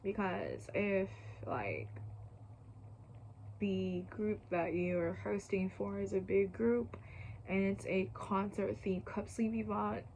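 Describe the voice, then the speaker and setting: A young woman talks through a casual how-to vlog at a middle pitch. Her delivery is chatty and full of fillers, and she often slips into a soft whisper. She sounds slightly out of breath, with faint noise behind her. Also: low-quality recording. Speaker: YouTuber.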